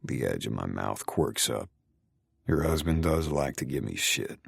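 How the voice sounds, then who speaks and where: A man's voice: a bass voice, expressive, unhurried, vocal fry, breathy edge, no echo, clean studio sound. A man narrating a first-person romance audiobook in a brooding, intimate way.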